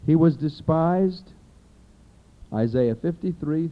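A male preacher delivering a sermon with a high, lively voice that swoops up and down as he acts out little scenes for his listeners. The recording is dull and lo-fi, with the top end muffled. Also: measured pace, pauses often.

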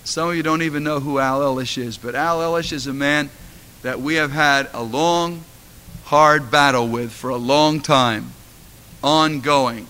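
A man's voice: on the high side, a little slow, bright, forceful tone. A middle-aged man, a pastor, delivering a sermon with impassioned storytelling that rises to fervent exhortation.

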